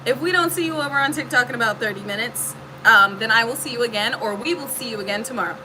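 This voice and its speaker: A woman's voice: a little high, quick pace, noisy background. A woman giving a casual spiritual reading to her viewers, emphatic and preachy, swearing freely. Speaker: spiritual reader.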